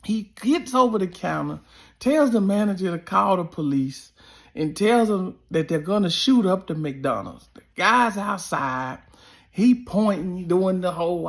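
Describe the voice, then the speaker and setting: Gravelly man telling an animated story. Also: high-pitched, unhurried. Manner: animated, emphatic, repeats phrases for effect. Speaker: former college basketball player.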